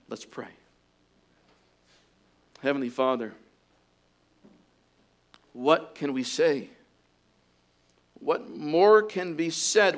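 A male pastor delivering a sermon in a slow, deliberate cadence. His voice sits a little high for a man. He swells into loud, fervent exhortation and sinks to a hushed tone when he prays. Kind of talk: sermon with closing prayer.

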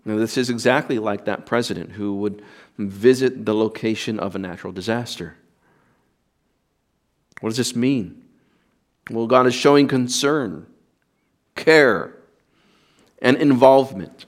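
A man's voice: lowish voice, measured pace, pauses often. A male pastor preaching a sermon in an earnest, emphatic way, repeating words and restarting phrases.

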